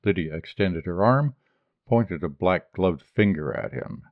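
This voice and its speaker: A man reading a short story aloud as an audiobook narrator, in a measured, even delivery. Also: low-pitched, dry recording, phone-quality sound. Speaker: audiobook reader.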